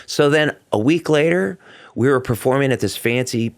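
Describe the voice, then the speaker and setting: A man's voice: mid-range voice, moderate pace. A middle-aged man, a Broadway performer guesting on an interview show, telling backstage stories in casual talk and acting out the quotes. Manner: animated storyteller, acts out quotes in a raised voice.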